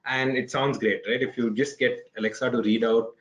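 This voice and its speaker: A man's voice: mid-range voice, steady tone, normal speed, fairly bright tone. A man presenting a tech webinar on a video call, affirming and explaining casually. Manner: affirming, backchannels a lot. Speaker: developer evangelist, presenter.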